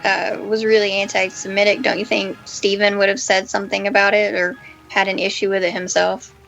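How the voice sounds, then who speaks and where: A woman's voice: mid-range voice, level tone, fairly quick, creaky, a bit bright, highs cut off, soft background music. A woman co-hosting a casual podcast chat, making a point with a question. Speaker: podcast co-host.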